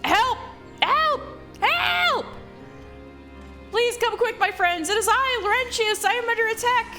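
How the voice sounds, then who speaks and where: A woman doing a stuttering, desperate guard caught out as a traitor, jumping between high and squeaky and low and quiet, bright tone with faint music behind. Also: animated, slow pace, heavily acted. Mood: panicked. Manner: stammering and desperate. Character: male guard caught as a traitor, pleading, then confessing. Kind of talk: reading game dialogue aloud on stream.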